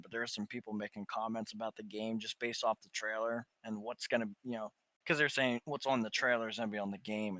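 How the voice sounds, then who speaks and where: A man's voice: fairly low pitch, bright, forceful tone, no echo. A man co-hosting a podcast, talking in crude casual banter, swearing and joking, often laughing at his own bits. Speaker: podcast co-host.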